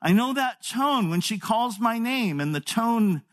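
High-voiced older man preaching. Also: lively intonation, measured pace. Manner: folksy storytelling with frequent word repeats. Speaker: pastor. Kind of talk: sermon.

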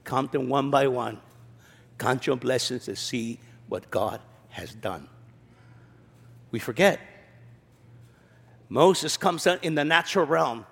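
A man's voice: medium pitch, expressive, slow pace, vocal fry, pauses often, a bit bright, breathy edge. A man preaching a sermon, reading scripture verses and then commenting with sarcastic asides, raising his voice to act out quoted lines. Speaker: pastor. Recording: long hall reverb.

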